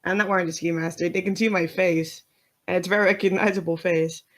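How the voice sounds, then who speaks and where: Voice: medium pitch, fairly even intonation, a bit bright, a little hiss or hum. A player in a tabletop role-playing game, talking casually and asking lots of questions. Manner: unhurried, questioning, laughing easily.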